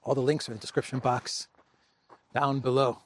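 A man's voice: medium pitch, little pitch movement, brisk. A man hosting a political commentary show, talking casually and wryly, chuckling, with loose restarts.

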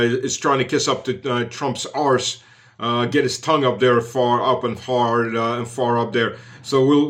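A man's voice: medium pitch, a bit bright. Sarcastic male political commentator. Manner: mocking, sardonic, full of fillers.

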